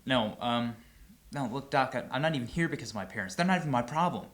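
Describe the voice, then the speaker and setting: A man's voice: medium pitch, animated, fast talker, fairly bright tone, echoey room, natural voice. A young man playing a flustered patient in a comedy short, rambling and stammering. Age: young adult. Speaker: actor in a student comedy film.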